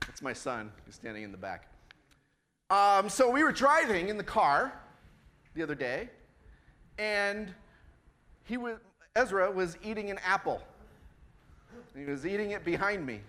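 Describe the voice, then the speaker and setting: A man's voice: high-pitched, big pitch swings, unhurried, long pauses, sharp tone. A middle-aged man preaching a sermon in a conversational way, asking the congregation questions. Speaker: pastor. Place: church before a congregation.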